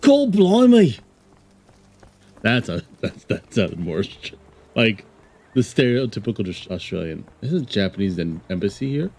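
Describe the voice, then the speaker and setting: A man's voice: lowish voice, lively intonation, moderate pace, vocal fry, slightly rough. A man streaming a game, joking and rambling casually while reading game text aloud. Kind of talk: casual let's-play commentary.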